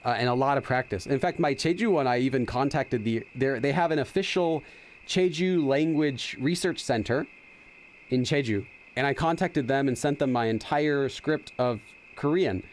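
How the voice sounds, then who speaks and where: Talking at normal speed in a medium-pitched voice, this middle-aged gaming channel host chats his way through a casual playthrough, explaining as he goes. Slight background noise is audible.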